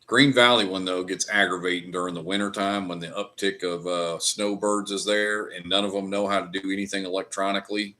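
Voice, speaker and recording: Deep-voiced man ranting with profanity. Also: flat delivery, fairly quick, hardly any pauses, pushed and bright. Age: middle-aged. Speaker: livestream host. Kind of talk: casual chat while drinking whiskey.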